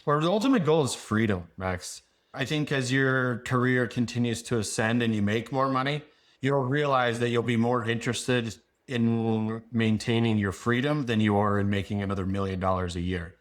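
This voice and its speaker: Male podcast guest, mid-pitched, self-assured, loose and chatty with fillers. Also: normal speed. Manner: confident, advice-giving, rambling with "like" fillers. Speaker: business founder and guest. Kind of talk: casual podcast conversation.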